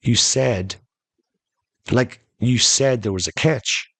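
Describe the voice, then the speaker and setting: A man's voice: medium pitch, slow pace, a bit bright, husky, no echo, exaggerated voice. A man voicing a puzzled young man stranded on an island, who sounds questioning and doubtful.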